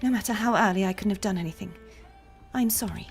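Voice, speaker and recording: A woman's voice: medium pitch, quick pace, faint music behind, close to an everyday voice. A woman voicing a young woman acolyte who sounds anxious and apologetic. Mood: guilty. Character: timid, guilt-ridden young woman acolyte.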